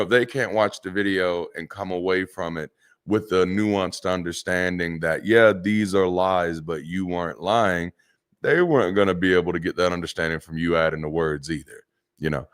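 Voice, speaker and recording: A man's voice: sits low, smooth. A man, a former pastor, hosting a casual livestream in a loose, chatty way, with slang and many restarts as he reads the chat. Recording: solo livestream at home.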